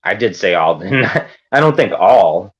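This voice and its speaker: A man's voice: on the low side, lively intonation, normal speed, rough recording. A man ranting defiantly on a livestream, profane and rambling. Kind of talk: livestream rant.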